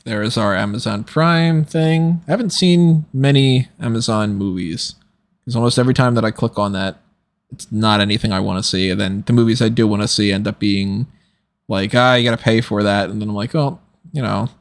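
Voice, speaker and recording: A man's voice: lowish voice, brisk. A man hosting a podcast, talking in a rambling, casual way and laughing often, tired late at night. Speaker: podcast host. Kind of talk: casual commentary chat.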